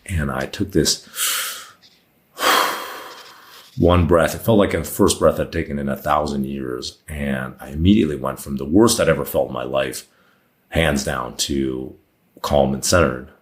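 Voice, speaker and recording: A man in his thirties with a very deep voice, speaking at a normal pace. He's a podcast guest telling a personal story in casual conversation, candid and rambling, full of fillers and restarts.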